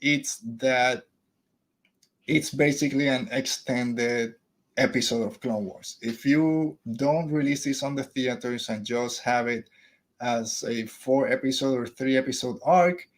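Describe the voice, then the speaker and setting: A man's voice: mid-range voice, unhurried. A man, a father in his thirties, hosting a podcast and giving blunt, opinionated takes in a casual review. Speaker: podcast host.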